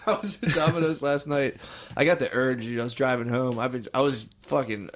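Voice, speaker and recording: A man's voice: medium pitch, moderate pace. A young man co-hosting a podcast, telling a story in casual, profane chat and laughing often. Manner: profane, laughing, acts out quoted people. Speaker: podcast co-host.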